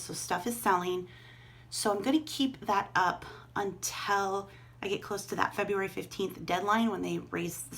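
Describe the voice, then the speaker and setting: Middle-aged lady chatting away about her resale stuff at home, bit of fry in her voice. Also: mid-range voice, a bit bright. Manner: chatty, thinking aloud while handling items. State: out of breath. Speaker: online reseller vlogger. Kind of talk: casual vlog chat.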